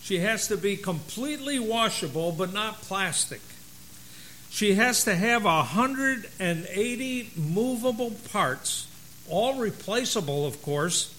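A man voicing God as a busy, excited creator, talking in a raised, animated voice. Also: sits high, a little hiss or hum, pitched above the performer's own voice, exaggerated voice.

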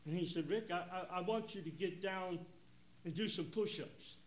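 Older preacher guy in his 70s, emotional, goes loud then real quiet, bit high voice. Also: moderate pace, slight background noise. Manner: emotional, dramatic swings from loud to hushed. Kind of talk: sermon testimony.

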